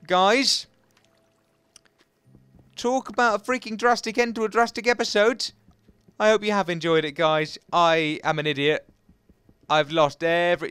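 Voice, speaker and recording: A young man giving excitable, chatty, self-mocking commentary while playing a video game. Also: sits high, unhurried, pauses often, clear, resonant tone, no room sound, faint music behind. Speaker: gaming channel host. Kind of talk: Let's Play commentary.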